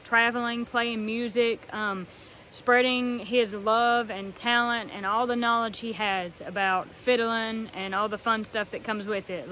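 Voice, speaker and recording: A young woman from North Carolina speaks in an earnest, soft way, pausing with ums as she shows a fiddle. Her voice sits a little high, with a faint background hiss in the recording. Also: poor audio. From North Carolina, USA. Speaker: fiddler showing her instrument. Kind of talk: casual heartfelt talk to camera.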